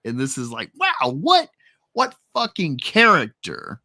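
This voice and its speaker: A man's voice: fairly high pitch, measured pace, no echo, studio quality. A man in his thirties hosting a comic reaction show, reading panels aloud with lots of laughing and animation. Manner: animated, laughing, reads all voices. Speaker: host.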